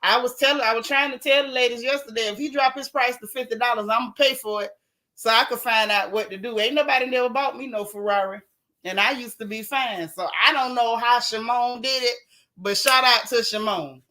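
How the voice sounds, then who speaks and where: A woman with a bright, forceful voice and fairly high pitch hosts a casual gossip chat. She tells her stories to live viewers in an animated, joking, folksy way. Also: brisk. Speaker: show host.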